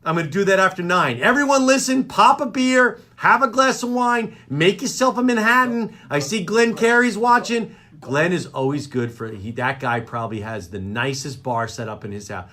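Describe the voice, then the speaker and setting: Animated high-voiced ranting radio host. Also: male voice, normal speed. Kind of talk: comedic rant. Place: radio studio.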